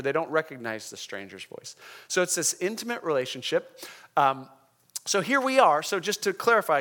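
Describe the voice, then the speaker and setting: A man's voice: on the high side, fairly bright tone. Conversational man preaching a sermon. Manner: conversational, emphatic, checks in with the congregation; slows down to stress key words. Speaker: pastor.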